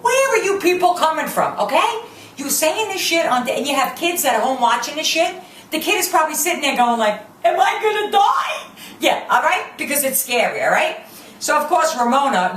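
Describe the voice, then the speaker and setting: A woman's voice: on the high side, a bit bright, distant mic. A woman giving a brash, profane, sarcastic comedic rant reviewing a TV show. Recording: roomy, off-mic, faint background hum.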